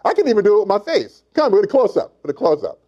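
Goofy guy hosting a comedy podcast, voice jumps all over, kinda high. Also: sing-song, quick pace, slightly rough, muffled recording. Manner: goofy, self-mocking, shouts in bursts. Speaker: podcast host. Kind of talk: comedic monologue and chat.

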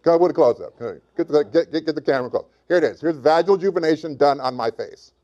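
Goofy animated male podcast host. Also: fairly high pitch, fast, highs cut off. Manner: goofy, self-mocking, shouts in bursts. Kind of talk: comedic monologue and chat.

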